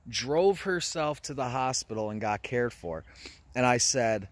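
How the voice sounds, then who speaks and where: A man's voice: medium pitch, normal speed. American guy vlogging, super casual, swears a lot, says "you know" constantly. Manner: casual, profane, many fillers like "you know". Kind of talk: casual chat.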